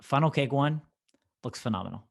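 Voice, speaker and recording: Guy cohosting a podcast, mid-pitch voice, talks it through slow and rambly, drops jokey emphasis on words. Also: animated, gravelly. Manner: deliberate, rambling, with joking emphasis. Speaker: podcast co-host. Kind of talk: casual chat.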